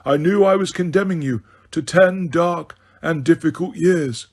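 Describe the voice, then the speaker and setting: A man voicing a wise, weary old male headmaster wizard in an audiobook, speaking in a measured, gentle, grave way. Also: a little high, pitched above the performer's own voice. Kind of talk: audiobook character reading.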